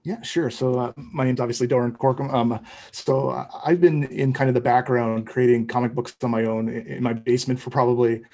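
Casting: middle-aged man, husky, hesitant guest who keeps restarting his sentences. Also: medium pitch, fairly even intonation, brisk, mellow. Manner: rambling, hesitant, full of restarts. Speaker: comic book creator, guest. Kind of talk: casual interview talk.

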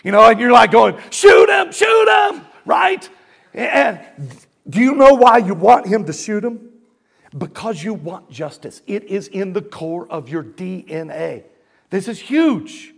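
A man preaching a sermon, with dramatic swings between loud, booming passages and hushed ones, calling out to the congregation for responses. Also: animated, measured pace, creaky. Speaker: pastor.

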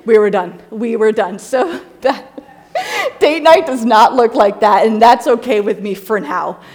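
A woman in her thirties giving a casual, humorous talk with slides, chatty and quick to laugh as she tells stories and acts out quotes. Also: fairly high pitch, a little mellow. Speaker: speaker presenting slides to a group.

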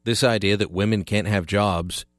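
A man's voice: fairly low pitch, fairly even intonation, moderate pace, no echo. A man hosting a call-in radio talk show, opinionated and sarcastic with punchy emphasis, speaking into a studio microphone.

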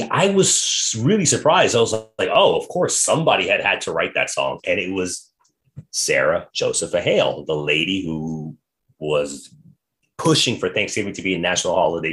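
Lively low-voiced male podcast host. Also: normal speed. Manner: animated storytelling, reads quotes aloud. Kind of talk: casual history chat.

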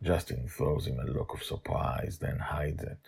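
An older man narrating a story in a lively, animated way and hosting his own show. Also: extremely low pitch, unhurried, gravelly, breathy edge. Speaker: storyteller and podcast host.

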